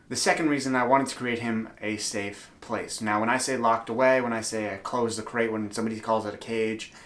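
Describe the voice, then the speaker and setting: A man's voice: on the low side, fairly bright tone. A man chatting to camera in a room at home, giving upbeat, earnest advice as a dog owner. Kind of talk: casual vlog talk to camera.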